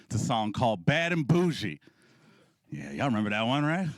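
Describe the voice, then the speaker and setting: A man doing stand-up on a club stage, his pitch leaping about as he tells stories and checks in with the crowd. The sound is close and dry, with no room echo. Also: brisk. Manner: animated storytelling with audience asides. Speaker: comedy showcase host. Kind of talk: stand-up comedy.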